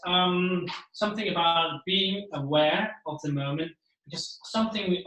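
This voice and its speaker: Man speaking in a very echoey room. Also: a little high. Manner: animated, acts out the voices he describes. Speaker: motivational keynote speaker. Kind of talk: seminar talk to an audience.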